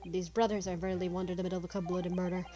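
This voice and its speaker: A woman voicing a cold male prosecutor in a game, speaking low and dismissively. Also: little pitch movement, very fast, dark tone, faint music behind, lightly acted.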